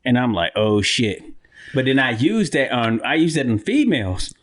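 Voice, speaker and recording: A male podcast co-host chatting casually at a mid pitch. He rambles and swears freely, restarting his sentences and breaking into impressions of his family. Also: sing-song, fairly quick. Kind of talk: casual chat.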